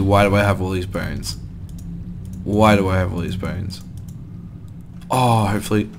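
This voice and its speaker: Young man, gameplay commentary, casual and chatty, self-mocking, slightly low voice, keyboard clicks behind. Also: sharp tone. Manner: chatty, swears and laughs at himself. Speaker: gaming video host.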